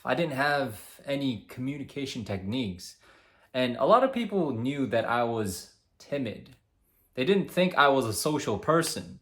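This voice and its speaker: Lively young man coaching to camera. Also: mid-range voice. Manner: lively, demonstrative, upbeat explaining. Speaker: communication coach. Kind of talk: instructional talk to camera.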